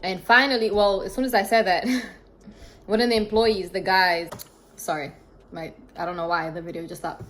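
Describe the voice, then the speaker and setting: A woman telling a story to her viewers in a casual vlog, animated and chatty, talking to her phone camera in an emptied apartment. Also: mid-range voice, normal speed. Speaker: vlogger. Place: apartment during a move. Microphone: phone camera propped up.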